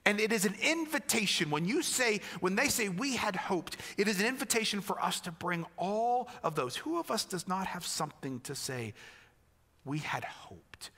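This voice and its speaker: A man from the United States preaches a reflective sermon in a high, bright voice. He often restarts and repeats his words, and he grows animated when he quotes other people. His voice rings with long reverb through a church sanctuary. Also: normal speed, few pauses. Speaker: pastor.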